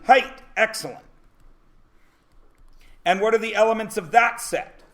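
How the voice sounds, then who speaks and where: A man teaching a math class, lecturing with loud jokes and rants that break into shouts. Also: high-pitched, a little slow.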